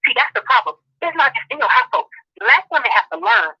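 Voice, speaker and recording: A woman guest on a talk show, delivering a passionate, profane, rapid-fire rant of social commentary. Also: high voice, expressive, breathy edge. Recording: dull lo-fi audio.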